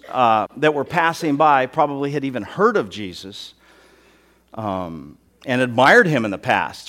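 Male pastor, animated sermon delivery, mid-pitched voice, playful asides to the congregation. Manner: animated, acts out mocking voices, joking asides. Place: church.

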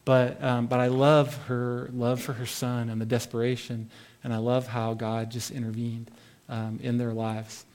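Male Bible teacher, mid-pitch, casual devotional tone, reads and comments conversationally. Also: level tone, a little slow, a little mellow. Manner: conversational, reads scripture then comments with asides.

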